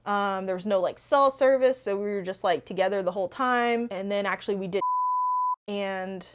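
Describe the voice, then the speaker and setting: Speaking at a moderate pace in a mid-range voice, a young adult book channel host shares stories during a casual Q&A. She chats and rambles, using frequent fillers.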